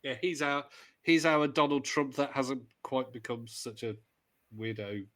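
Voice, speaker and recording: A man's voice: mid-range voice, unhurried, fairly bright tone. A man with a Midlands accent co-hosting a podcast in casual chat, rambling and hesitant with jokey asides. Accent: English Midlands. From English Midlands. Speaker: podcast co-host.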